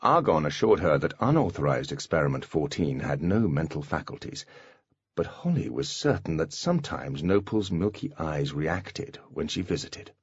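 Deep-voiced man narrating an audiobook. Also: normal speed, slightly rough, no room sound. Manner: expressive storytelling. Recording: dull, dry lo-fi recording.

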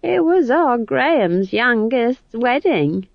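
A woman's voice: a little high, very animated, slow pace, gravelly, no echo, pitched above the performer's own voice, heavily acted. A woman voicing a chatty, mischievous old female witch with rustic, folksy grammar. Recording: dull dry studio read.

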